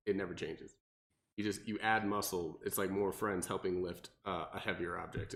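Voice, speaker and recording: A young man, a personal trainer, chatting casually on a podcast, explaining things with analogies and many fillers. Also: sits low. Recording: roomy echo.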